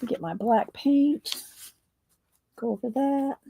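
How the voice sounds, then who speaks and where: A woman talking casually through a mixed-media craft tutorial, hoarse and losing her voice, often clearing her throat and muttering to herself as she paints. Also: a little high, slow, dark tone, slight background noise. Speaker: mixed-media art creator.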